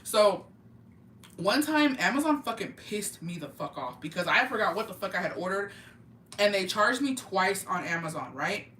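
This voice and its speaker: A young woman from Oaxaca, Mexico, chatting casually and profanely with her live-stream viewers in an animated, slangy way. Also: medium pitch, normal speed, a little hiss or hum. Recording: roomy, mic at a distance.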